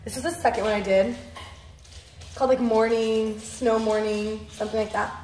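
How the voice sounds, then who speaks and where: A woman's voice: a little high, steady tone, normal speed, darkish tone, a little hiss or hum, poor audio. A young woman vlogger telling a story to camera in a chatty, exasperated way, filling her talk with "like". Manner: chatty and exasperated, heavy use of "like".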